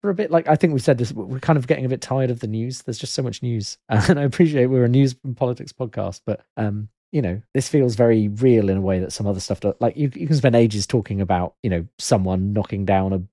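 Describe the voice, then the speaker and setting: A man's voice: medium pitch, fast, hardly any pauses, warm tone, no echo, studio quality. A man co-hosting a casual politics podcast, talking in a rambling, hesitant way with lots of fillers and easy laughs. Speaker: podcast co-host.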